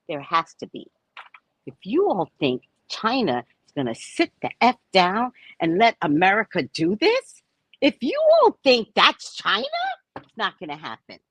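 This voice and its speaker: A woman's voice: fairly low pitch, husky, dry recording. A woman, a psychic reader, ranting casually to camera in a blunt, profane way, exclaiming and laughing often. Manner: animated and exclamatory, laughing often between remarks; blunt and profane, asides to the viewer. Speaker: psychic reader and spiritual adviser. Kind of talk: casual opinion rant to camera.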